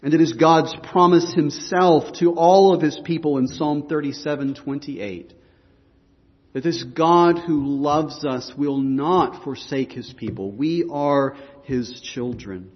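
A man's voice: fairly high pitch, slow, big-room sound, dull audio. A man preaching a sermon as pastor, earnest and emphatic, often restarting his phrases.

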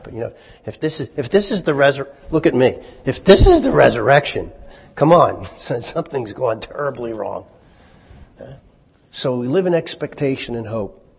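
A man with a lowish, husky voice preaches to a congregation in a church hall, keeping it conversational and wry with plenty of rhetorical questions and asides. The recording is echoey and dull, with a lo-fi quality.

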